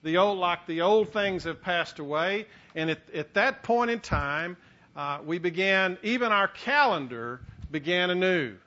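A middle-aged man preaching a sermon as pastor, animated, building to emphatic peaks with frequent restarts. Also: high-pitched, measured pace, highs cut off.

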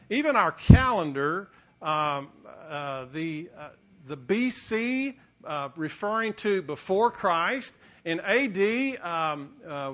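A middle-aged man preaches a sermon with a high, bright voice. He talks in an animated way, stumbling over restarts and then driving up to emphatic peaks. The recording sounds dull and lo-fi. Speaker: pastor.

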